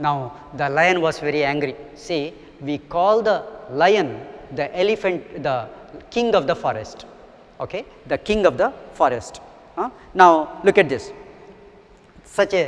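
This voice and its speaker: A male lecturer explains a story patiently, repeating points and checking understanding. His voice is high-pitched. A long reverb trails through the recording. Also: animated, normal speed. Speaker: English lecturer.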